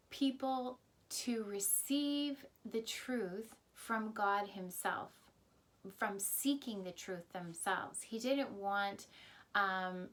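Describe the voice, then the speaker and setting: A woman's voice: medium pitch, a bit bright, a little hiss or hum. A woman teaching a Sunday school lesson, retelling a Bible story in simple words and often reminding her listeners of earlier lessons.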